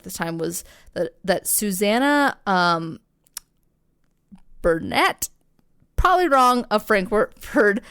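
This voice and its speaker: A woman's voice: mid-range voice, fairly bright tone, smooth. A woman co-hosting a podcast, telling a story in casual chat, rambling with lots of fillers and swearing. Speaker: podcast co-host.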